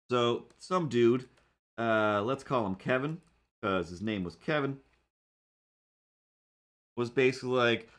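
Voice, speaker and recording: A man's voice: medium pitch, animated, slow, long pauses, fairly bright tone. A man talking in a casual, rambling monologue, often restarting his sentences and acting out what other people said. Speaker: comic artist and vlogger.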